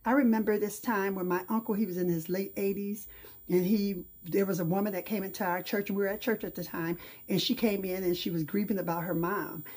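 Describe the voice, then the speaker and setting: A middle-aged woman hosting her own talk show, telling a personal story in an earnest, reflective way. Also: mid-range voice. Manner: earnest storytelling with pauses and restarts. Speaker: host.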